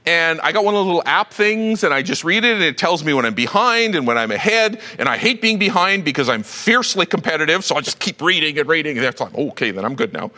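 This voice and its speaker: A middle-aged man preaching a sermon with a bright, higher-than-usual voice. His pitch swoops widely as he talks through his points conversationally, restarting sentences as he goes. The sound carries a long reverb, as if from a large hall. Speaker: pastor.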